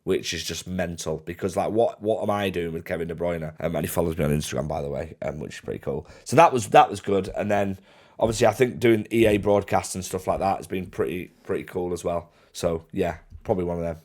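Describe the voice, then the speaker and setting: A man's voice: sits low, a little fast, a little mellow. A young man, chatting casually as he answers fan questions in a laddish, slangy way. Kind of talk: casual Q&A to camera.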